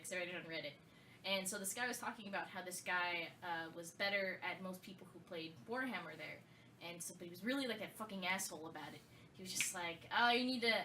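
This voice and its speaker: A woman's voice: lowish voice, fast talker, bright, forceful tone, far from the mic, a little hiss or hum. A woman co-hosting a casual gaming podcast, telling a long story with many fillers and restarts. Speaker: podcast co-host.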